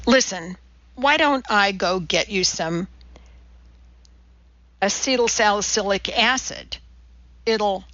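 Woman doing perky, pushy female assistant, bright and lifted, audiobook read. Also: mid-range voice, takes it slowly, long pauses, no room sound. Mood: chirpy. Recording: dull lo-fi dry audiobook recording.

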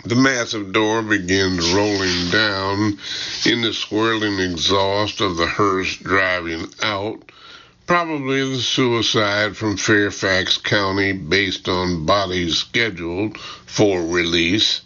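A man narrating a first-person audiobook in a measured, wry way. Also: lowish voice, sharp tone, highs cut off.

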